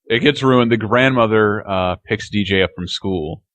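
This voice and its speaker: A man's voice: fairly low pitch, normal speed, fairly bright tone. A man hosting a podcast, chatting casually about TV clips, laughing often as he tells the story. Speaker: podcast host.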